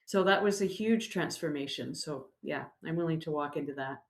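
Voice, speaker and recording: A woman's voice: sits low, normal speed, reverberant. A woman hosting a casual podcast chat, tired from poor sleep, telling candid stories. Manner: candid, storytelling with laughs. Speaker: podcast host.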